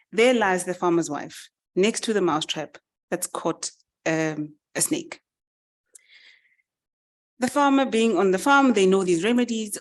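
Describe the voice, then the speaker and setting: Lively woman telling a fable. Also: on the low side. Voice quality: lively, animated narration. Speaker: summit speaker. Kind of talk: storytelling speech.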